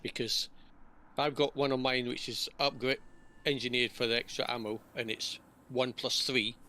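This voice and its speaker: A man's voice: mid-range voice, flat delivery, moderate pace, bright, forceful tone. A man on voice chat with gaming friends, casually explaining game details.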